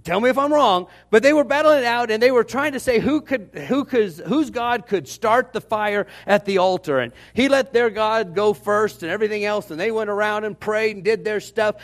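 A man preaching a Baptist sermon, telling the story in an animated, joking way. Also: sits high, normal speed, hardly any pauses. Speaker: Baptist pastor.

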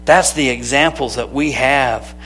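A man preaching a sermon, lively and conversational, calling out to people in the room by name. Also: mid-range voice, measured pace, husky. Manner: animated, calls out to people by name. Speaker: pastor.

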